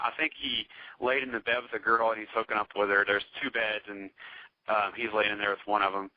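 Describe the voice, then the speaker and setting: A man casually telling a wild story as a podcast guest, swearing freely and acting out what others said. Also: medium pitch. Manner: animated, profane, acts out quoted voices. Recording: dull, dry lo-fi podcast audio.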